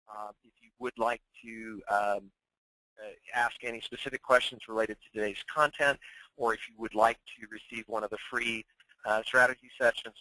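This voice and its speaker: A man with a hoarse, worn voice closing out a coaching webinar, repeating announcements with many fillers. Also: lowish voice, pushed and bright, no echo, poor audio. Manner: filler-heavy, repetitive announcements. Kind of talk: webinar sign-off.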